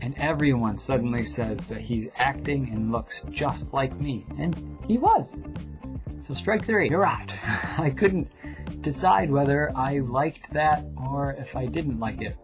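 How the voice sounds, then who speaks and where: Young guy vlogging, rambly and animated, voice jumps around, music going under him. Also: unhurried. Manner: quiet, low reading of the poem, dropping to a whisper at line ends. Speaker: vlogger and poet. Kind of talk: poem reading then casual storytelling vlog. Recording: music playing behind the voice.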